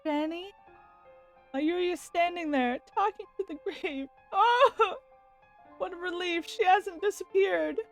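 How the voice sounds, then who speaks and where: A woman streamer reading a visual novel's narration aloud and exclaiming excitedly as she plays. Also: very high voice, faint music behind. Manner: expressive, quick to exclaim.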